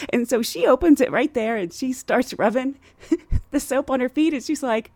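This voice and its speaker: Bubbly female podcast host, high and animated delivery, dry close mic. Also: unhurried, dry recording. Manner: bubbly, laughs often, animated quoting. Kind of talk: casual storytelling chat.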